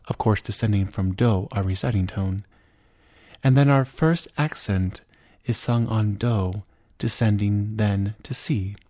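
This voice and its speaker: A man teaching liturgical chant, explaining each step in a measured way and then singing chanted examples. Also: lowish voice, mellow, no room sound. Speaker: chant instructor. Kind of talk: spoken lesson with sung examples.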